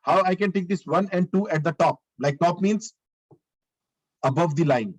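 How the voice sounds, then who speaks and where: Teaching markup in a live online coding class, this male lecturer talks through each step while he works, at a moderate pace with a slightly high, breathy voice. He restarts and repeats phrases frequently and keeps asking the class questions. The audio is rough.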